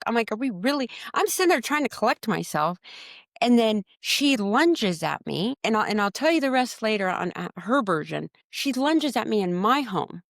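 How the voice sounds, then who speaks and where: Woman, podcast guest, emotional storytelling, acts out quotes, restarts words, higher voice. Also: moderate pace, vocal fry, no room sound, studio quality. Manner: animated, acts out her own quotes with a raised voice. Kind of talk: personal storytelling in a conversation.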